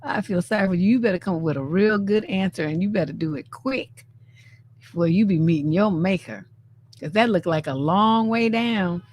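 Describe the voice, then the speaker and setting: A woman from San Francisco hosting a live stream, giving casual, animated commentary on memes and often acting out the lines she quotes. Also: lowish voice, normal speed, dull audio, a little hiss or hum. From San Francisco, USA.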